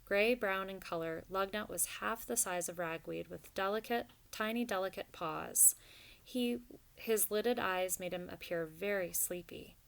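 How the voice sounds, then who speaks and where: A woman narrating a storybook in a steady, even reading voice. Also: mid-range voice, a little slow, creaky. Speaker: audiobook narrator.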